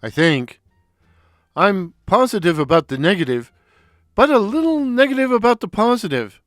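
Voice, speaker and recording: A man doing a loud goofy Brooklyn clown. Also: animated, normal speed, no room sound, clean studio sound. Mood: cheerful. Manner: loud, squeaky falsetto outbursts and stammering. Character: loud goofy stocky man, childlike and bewildered. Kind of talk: audio story reading.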